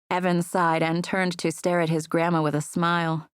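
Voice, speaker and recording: Low-voiced woman narrating an audiobook. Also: level tone, moderate pace, few pauses, clear, resonant tone, no room sound, studio quality. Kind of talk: scripted narration.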